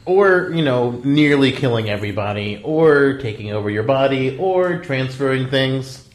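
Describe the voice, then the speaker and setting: A man's voice: medium pitch, animated, moderate pace. A man with a mid-range voice hosts a casual podcast conversation. He drops short, joking asides into the talk. His delivery stays conversational and easygoing. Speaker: podcast host. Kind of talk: casual chat.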